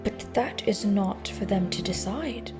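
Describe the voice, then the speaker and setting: A woman voicing an ancient, wise male wizard in an amateur English accent, giving solemn, measured counsel in a hushed voice. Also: medium pitch, over music, close to an everyday voice. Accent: English (put on).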